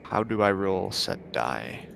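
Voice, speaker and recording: A man's voice: low voice, sing-song, slow pace, gravelly, fairly bright tone, a little hiss or hum. A man playing in a tabletop game, asking hesitant, laid-back questions. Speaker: player. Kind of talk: casual chat during a game.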